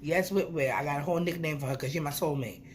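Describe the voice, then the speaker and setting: A young woman vlogger tells a playful storytime with some swearing, speaking quickly in a low-pitched voice. There's slight background noise.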